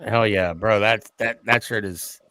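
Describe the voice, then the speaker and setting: A man's voice: on the low side, fairly even intonation, a little slow, smooth, dry recording. A man hosting a casual call-in sports podcast, talking loosely with slang and thanking his guests. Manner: laid-back, slangy, thanks guests warmly. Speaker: podcast host.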